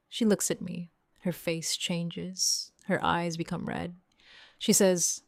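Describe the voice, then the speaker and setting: A young woman narrating a first-person story in slow, simple, clear sentences for English learners. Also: fairly low pitch, little pitch movement, dry recording, studio quality. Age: young adult. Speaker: audiobook narrator.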